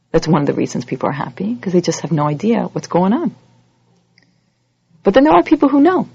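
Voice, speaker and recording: A woman giving an animated lecture, acting out little scenes and quoted voices as she teaches. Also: fairly quick, vocal fry, pauses often, husky, no echo. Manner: animated, acts out quoted voices with big pitch jumps. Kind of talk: lively lecture. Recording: dull lo-fi audio recording.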